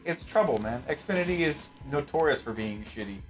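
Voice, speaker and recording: A man's voice: fairly high pitch, animated, moderate pace, soft background music. A man in a casual chat, speaking bluntly.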